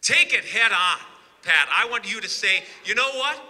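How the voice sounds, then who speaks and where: A man giving an impassioned political rally speech, rising to shouted emphasis with sarcastic asides. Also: high voice, lively intonation, moderate pace. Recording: long reverb of a large hall.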